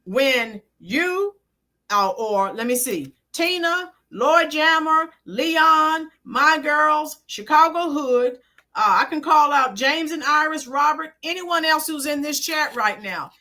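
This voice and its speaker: A woman's voice: sits high, pushed and bright. A woman hosting a live-stream political commentary, emphatic and punchy, greeting chat viewers by name. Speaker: livestream commentary host.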